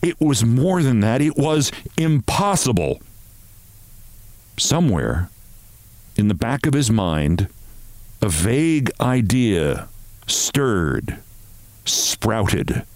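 A man hosting a show, reading a short story aloud in an expressive, measured way. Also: mid-range voice, no echo.

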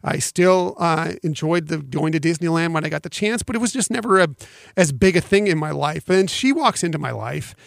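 A man's voice: a little high, animated, a little fast, creaky, no room sound, studio quality. A man co-hosting a podcast, talking sentimentally and rambling with many ums. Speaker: podcast co-host. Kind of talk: casual podcast chat.

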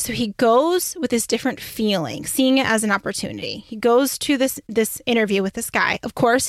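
A young woman career coach telling a story in a chatty, excitable way, full of "like". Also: a little high, no room sound, studio quality. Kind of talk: casual storytelling monologue.

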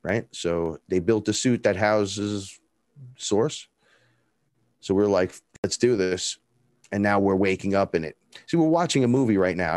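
A man's voice: lowish voice, a little mellow, no echo, clean studio sound. A man telling rambling, profane stories in casual talk, acting out the voices of the people he quotes. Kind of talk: casual storytelling.

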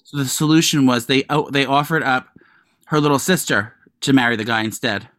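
A man's voice: mid-range voice, brisk, a bit bright, no room sound. Casting: man, podcast co-host, rambling gossipy storyteller with crude asides, close dry sound. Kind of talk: casual chat.

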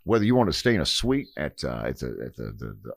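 Man, radio podcast co-host, rambling with fillers, fast, lively pitch. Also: no echo, studio quality. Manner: rambling, lots of fillers and restarts. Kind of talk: casual banter with sponsor reads. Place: radio studio.

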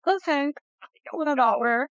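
A woman's voice: high voice, slow pace, fairly bright tone, dry recording, muffled recording. A woman co-hosting a podcast in casual chat, making frank, offhand remarks. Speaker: podcast co-host.

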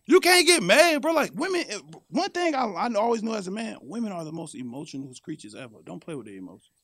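A man, an animated, profane guest in a casual podcast chat, preaching his views. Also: high-pitched, fast talker, no room sound. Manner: animated, profane, preachy, puts on voices for others.

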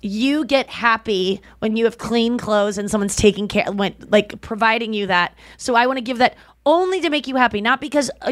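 A woman's voice: fairly high pitch, a little fast, few pauses, no room sound. A young woman co-hosting a podcast, telling stories in a chatty, gushing way full of "like" fillers. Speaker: podcast co-host. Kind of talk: casual podcast chat.

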